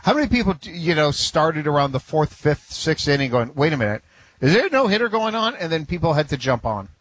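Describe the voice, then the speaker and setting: A man's voice: a little high, lively intonation, a little fast, slightly rough, dry recording. A man co-hosting sports talk, chatty and joking. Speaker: sports radio co-host.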